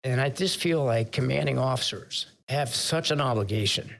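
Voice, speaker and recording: A man's voice: medium pitch, moderate pace, gravelly, a bit bright. An older man, a retired admiral, telling candid stories in an interview and growing emotional as he recalls his sailors. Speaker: retired vice admiral, podcast guest. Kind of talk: conversational interview storytelling.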